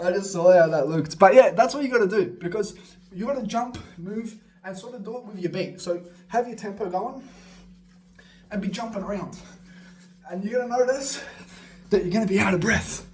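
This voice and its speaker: This man has a high voice and talks at a moderate pace over slight background noise. He coaches beatboxers casually and energetically, rambling, swearing, and tossing in laughing asides while sometimes jumping around as he speaks.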